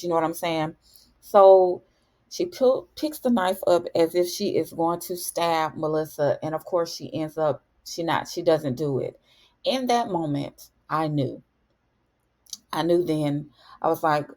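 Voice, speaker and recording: Chatty woman with a low voice. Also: measured pace. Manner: chatty and animated, addresses viewers as "honey". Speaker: TV recap host. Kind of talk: casual spoken episode recap.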